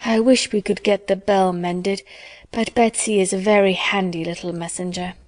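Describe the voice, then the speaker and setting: A woman's voice: mid-range voice, fairly even intonation, moderate pace, a little mellow, no echo, lightly acted. Woman doing a fussy, anxious mother from a storybook, fretful and talkative. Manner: fretful, chattering.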